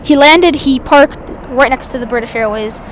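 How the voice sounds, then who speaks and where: High-voiced woman chatting plane-spotting live. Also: normal speed, slight background noise. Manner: chatty, enthusiastic, rambling with restarts. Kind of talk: live aviation commentary. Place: outdoors at an airport.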